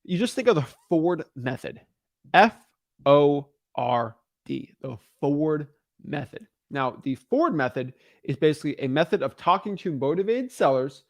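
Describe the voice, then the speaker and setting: A man's voice: a little high, sing-song, unhurried, gravelly, dry recording. A man teaching real estate wholesaling in a casual monologue, often checking in with "right?" and "okay?" and restarting his sentences.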